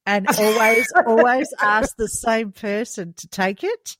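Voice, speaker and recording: A middle-aged woman co-hosting a podcast, telling family stories in a lively way and laughing often. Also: on the high side, measured pace, no room sound. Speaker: podcast co-host. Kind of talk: casual storytelling chat.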